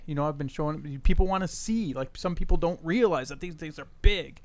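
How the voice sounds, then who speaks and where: A man's voice: fairly high pitch, brisk, gravelly, darkish tone, dry recording. A man co-hosting a podcast in casual chat, teasing his friends as he builds up a story. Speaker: podcast co-host.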